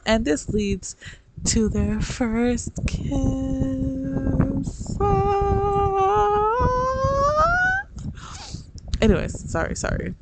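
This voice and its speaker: Young adult reviewer, gravelly voice, chatty rambling asides, loud background noise. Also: high voice, very slow. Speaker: book reviewer. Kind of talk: casual chat.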